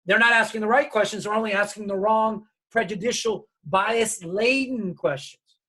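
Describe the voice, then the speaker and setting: A man giving a storytelling keynote talk on diversity, lively and acting out his family's voices. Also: sits high, normal speed. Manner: animated, acts out his parents' voices. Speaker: diversity speaker.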